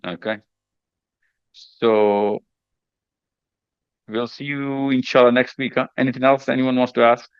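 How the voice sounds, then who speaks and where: A man's voice: mid-range voice, little pitch movement, measured pace, pauses often, clear, resonant tone, dry recording, muffled recording. A man hosting a casual group chat with teenagers, teasing and reassuring them and often repeating himself. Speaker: mentor hosting a session with teenagers.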